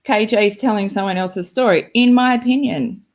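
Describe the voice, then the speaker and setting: A woman's voice: mid-range voice, normal speed. A woman hosting a live stream, chatting casually and rambling with lots of "like" and giggles. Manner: rambling, giggly, full of "like" fillers.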